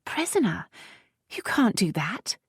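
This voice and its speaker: A narrator voicing a flighty young noblewoman posing as a silly French girl, often high and breathy, sometimes whispering. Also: expressive, takes it slowly, darkish tone, dry recording, studio quality. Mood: pleading, nervous.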